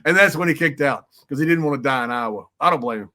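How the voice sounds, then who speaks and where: A man, a podcast guest, telling a long casual anecdote in a rambling, animated way with crude jokes. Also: medium pitch, quick pace.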